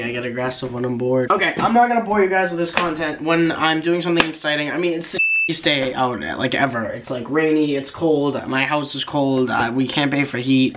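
Teen guy rambling jokey vlog, bit high voice, noisy cam mic. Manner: rambling, joking, self-mocking. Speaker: vlogger. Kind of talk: casual vlog.

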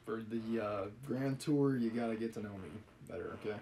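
A man's voice: lowish voice, normal speed, dark tone, slight background noise, rough recording. A man reading a novel aloud on a live stream, mixing the text with wry, chuckling asides.

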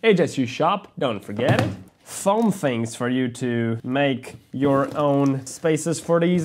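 A man's voice: medium pitch, expressive, slow pace, a little hiss or hum. A man, unboxing a product on his vlog in an upbeat, rambling way with restarts. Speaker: vlogger. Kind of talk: sponsored unboxing.

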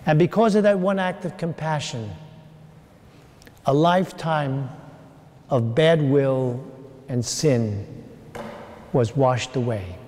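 Slow-preaching priest in an echoing church. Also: male voice, medium pitch, darkish tone. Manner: slow, earnest preaching with drawn-out pauses. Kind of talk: sermon. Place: large church. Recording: long church reverb.

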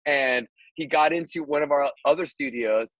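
A man, a radio host guest on a podcast, telling a story casually, animated and swearing, with lots of restarts. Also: a little high, normal speed, no echo, poor audio.

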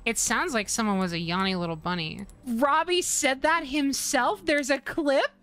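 A woman streamer giving live commentary on a horror game, swearing, laughing and yelling when she gets startled. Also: sits high, moderate pace, faint music behind. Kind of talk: live let's-play commentary.

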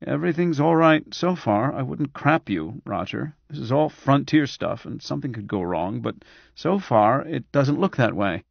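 A man voicing a harried doctor who has a cold, brisk and coaxing, a little impatient. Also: mid-range voice, lively intonation, vocal fry, breathy edge, no room sound, muffled recording, voice pushed up.

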